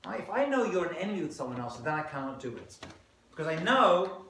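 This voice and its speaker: A British man, a rabbi, giving a lively, joking class and bantering with his audience. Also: a little high, slight background noise. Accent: British English. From Britain. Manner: animated, joking, quick back-and-forth. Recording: echoey room.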